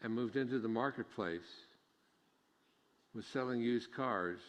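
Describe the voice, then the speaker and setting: A man's voice: mid-range voice, measured pace. A middle-aged man preaching a sermon as pastor, folksy and joking, rising to emphatic preaching. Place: church sanctuary. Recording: long church reverb.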